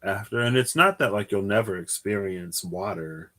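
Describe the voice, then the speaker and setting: On a casual solo tarot livestream, a tired young man reads cards while chatting, musing aloud and trailing off with sighs. His voice sits fairly low, moves at normal speed, and carries a bright, forceful tone.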